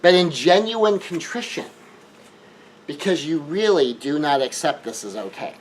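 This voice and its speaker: In a rough recording with slight background noise, a man with a fairly high, lively voice gives earnest relationship advice in a monologue. He repeats words as he builds a point, especially when rushing, and acts out the scenes he quotes.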